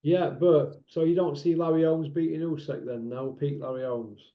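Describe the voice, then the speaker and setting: South Yorkshire man, podcast host, blunt and chatty, lightish pitch, muffled lo-fi sound. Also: fairly even intonation. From South Yorkshire, England. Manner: blunt, opinionated, quick quizzing. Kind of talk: casual chat.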